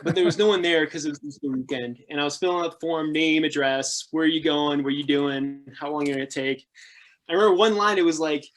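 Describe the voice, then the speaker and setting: A man in his thirties, a podcast guest casually telling adventure travel stories, laughing often and acting out the people he quotes. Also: fast talker. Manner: animated, laughing, acts out quoted people with jumps in pitch. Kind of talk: casual storytelling interview.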